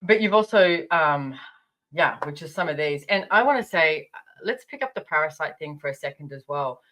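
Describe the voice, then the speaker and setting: A woman's voice: sits low, lively intonation, normal speed, a bit bright, rough recording. A woman hosting a podcast, chatting casually with her guest and telling her own story. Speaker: podcast host. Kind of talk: casual interview chat.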